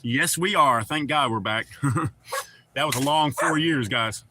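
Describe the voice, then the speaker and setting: A man's voice: medium pitch, measured pace, heavy background noise. A man hosting a livestream, chatting casually and profanely with viewers and joking around. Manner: profane, joking, talks back to chat. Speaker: livestream host.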